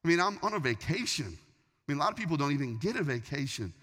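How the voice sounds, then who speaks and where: A man delivers a sermon with an animated storyteller's flow, stumbling over and restarting his sentences. His voice is bright and forceful and swings widely up and down in pitch. The sound carries the long reverb of a large hall. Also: quick pace, breathy edge. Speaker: pastor.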